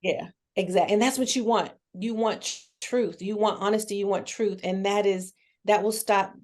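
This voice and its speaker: A woman's voice: mid-range voice, fairly even intonation, moderate pace, a little mellow. Candid woman therapist talking casually. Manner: candid, earnest, folksy, with repeated restarts. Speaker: children's therapist, guest. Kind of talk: casual conversational interview.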